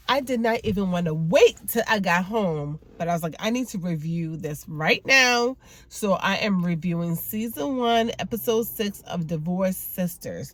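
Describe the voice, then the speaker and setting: A woman hosting a casual TV episode review, telling the story in an animated, chatty way and acting out the characters' lines. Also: mid-range voice, a little slow, no echo. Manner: chatty with repeated emphatic words. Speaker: YouTube TV recap host and clinician.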